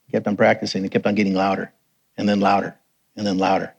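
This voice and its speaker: A middle-aged man preaching, telling personal testimony stories with lively quoted voices. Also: fast, creaky, slightly rough, lo-fi sound. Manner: animated storyteller, raises pitch for quoted voices. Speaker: missionary preacher. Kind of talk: sermon testimony storytelling.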